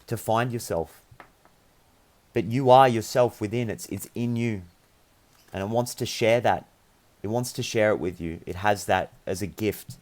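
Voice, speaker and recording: A man's voice: low-pitched, darkish tone. A young man giving an earnest, meandering spiritual tarot reading, speaking encouragingly to his viewers. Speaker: tarot reader.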